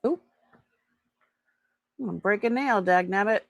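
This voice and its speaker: A middle-aged woman chatting casually during an online jewelry sale, trailing off with fillers and switching to high cooing baby talk with her pet. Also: a little slow, creaky, a bit bright, dry recording. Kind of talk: casual live-sale chat.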